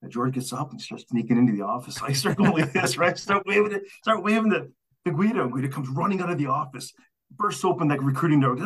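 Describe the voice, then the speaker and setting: A man with a husky, slightly rough voice tells workplace stories on a podcast. He gets animated, acting out the people he quotes and laughing as he goes. The delivery is loose and conversational. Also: on the high side, fairly quick. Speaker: storyteller guest. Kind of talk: casual podcast storytelling.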